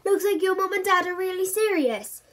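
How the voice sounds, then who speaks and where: A woman's voice: very high voice, normal speed, fairly bright tone, voice pushed up. A woman voicing a laid-back young schoolboy who speaks casually.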